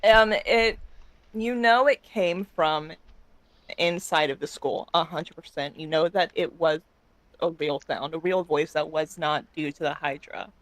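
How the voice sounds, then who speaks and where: A game master narrating a tabletop game, setting each scene in a slow, deliberate way. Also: mid-range voice, fairly bright tone, no echo.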